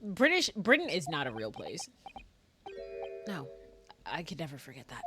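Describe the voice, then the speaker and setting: A woman's voice: low-pitched, huge pitch swings, moderate pace, over music. A young woman streaming a game, chatting casually in a giggly, crude, playful way that jumps between topics. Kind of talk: casual live-stream chatter while gaming.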